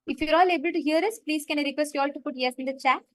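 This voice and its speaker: A woman's voice: high-pitched, racing, dry recording, poor audio. A woman facilitating a live online meditation session, retelling a story and stressing her points.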